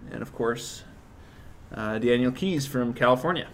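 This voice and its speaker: A man's voice: mid-range voice, unhurried, slight background noise. A man hosting a casual podcast around a table, hesitant and full of fillers. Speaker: podcast host. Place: gallery table with friends.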